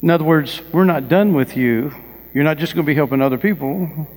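A man's voice: a little high, fairly quick, a little mellow. A male pastor preaching a sermon, telling personal stories with rising emphasis and asking the congregation questions. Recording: long reverb of a large hall.

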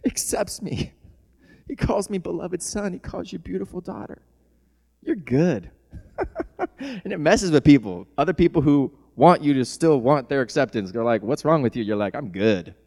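A male pastor preaching a sermon who moves from soft, tender passages to loud shouting and laughs often. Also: a little high. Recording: long hall reverb.

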